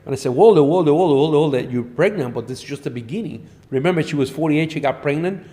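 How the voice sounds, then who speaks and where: A middle-aged man, a doctor guest on a podcast, telling animated patient stories in a blunt, profane way. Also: on the high side, quick pace. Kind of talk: storytelling in a podcast interview.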